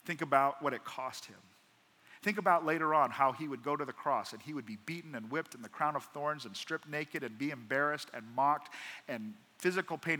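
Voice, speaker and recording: A man preaching a sermon as pastor, swinging from hushed to emphatic and acting out prayers. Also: on the high side. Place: church auditorium. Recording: long church hall reverb.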